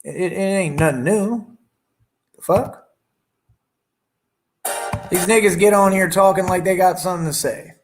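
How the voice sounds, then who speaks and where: A man's voice: high voice, measured pace, pauses often, faint music behind. A man on a livestream, taunting and boasting at critics in the chat. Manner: talks over his own song playing. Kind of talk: combative livestream rant.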